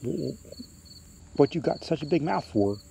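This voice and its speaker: A man's voice: medium pitch, expressive, brisk, mellow, a little hiss or hum, close to an everyday voice. A man voicing a frightened young boy who asks anxious questions. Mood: nervous.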